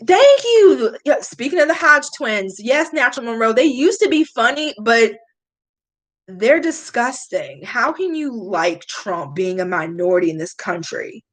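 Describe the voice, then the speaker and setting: A young woman hosting a long livestream, chatting casually and answering viewer comments with candid, animated reactions. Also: measured pace, rough recording. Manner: chatty and candid, swings up high when greeting viewers. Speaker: beauty vlogger hosting a livestream.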